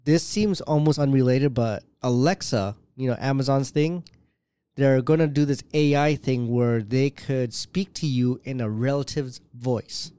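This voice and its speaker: A man's voice: mid-range voice, measured pace, warm tone, clean tone. A man co-hosting a podcast, rambling in crude casual banter with many restarts. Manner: rambling, profane, lots of restarts. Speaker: podcast co-host.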